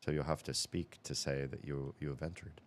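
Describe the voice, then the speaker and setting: Man, very low voice, casual live-stream chat, rambling self-corrections, faint music behind. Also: flat delivery, brisk. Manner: rambling, thinks aloud, frequent self-corrections. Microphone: headset.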